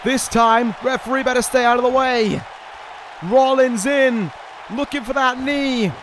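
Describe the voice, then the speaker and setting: A man with a very high voice calls a wrestling video game play by play, swinging between pleading and shouting. A roaring game crowd and loud noise sit under his voice. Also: unhurried, rough recording. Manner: excitable, pleading and shouting at the action. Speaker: YouTube gaming commentator.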